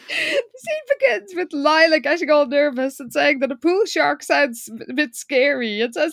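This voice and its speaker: A woman co-hosting a podcast, retelling a show in animated, giggly casual chat. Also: high voice, measured pace, creaky, dry recording, clean studio sound. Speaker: podcast co-host.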